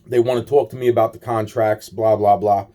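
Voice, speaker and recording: A man's voice: on the low side, steady tone, a little fast, dark tone. A man telling a rambling, aggrieved personal story in a monologue, swearing often and repeating himself. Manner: profane, repetitive, aggrieved storytelling.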